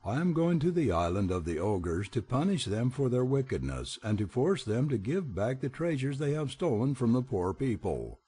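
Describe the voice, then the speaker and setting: A man's voice: medium pitch, very animated, moderate pace, few pauses, warm tone, breathy edge. A man voicing a brave, kind young warrior hero in a storybook, earnest and steadfast. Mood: resolute.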